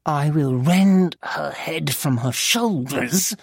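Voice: mid-range voice, takes it slowly, vocal fry, breathy edge, no room sound, studio quality, exaggerated voice. A reader voicing a fierce, fiery, vengeful woman who speaks sharply and demandingly.

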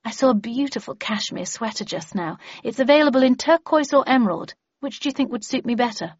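A woman's voice: a little high, lively intonation, a little fast, dry recording, highs cut off, voice pushed up. A woman voicing a smug, sneering female villain who erases memories, in an audiobook reading. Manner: sneering, mocking, cold.

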